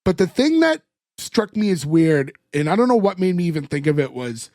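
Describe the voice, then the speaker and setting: A podcast co-host rambles casually through a recap of a TV episode, retelling scenes and leaning on lots of fillers. His high voice is very animated and a little mellow, at a moderate pace, with clean studio sound and no room sound.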